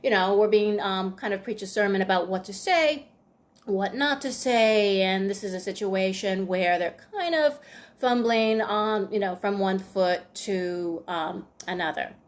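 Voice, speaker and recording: A woman's voice: medium pitch, a little slow. A woman hosting a self-help video, talking through examples in a casual, conversational way with frequent fillers and acted-out quoted dialogue. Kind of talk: casual explanatory monologue.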